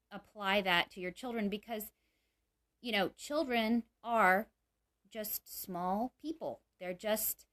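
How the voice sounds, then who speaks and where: A woman's voice: medium pitch, a bit bright. A mother giving parenting advice in a casual, earnest talk, with lots of "you know" fillers.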